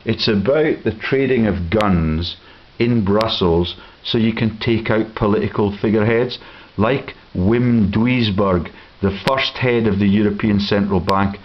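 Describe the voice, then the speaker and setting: Slow, insistent man with a low voice. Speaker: political campaigner. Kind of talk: ranting commentary over film clips. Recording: dull lo-fi with hiss.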